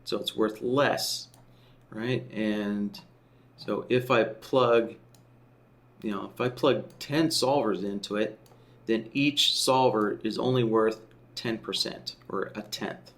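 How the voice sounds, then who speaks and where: A man teaching a software tool in a screen-share tutorial, explaining step by step and often checking in with "right?" while he thinks aloud. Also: fairly low pitch, slow. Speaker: software trainer.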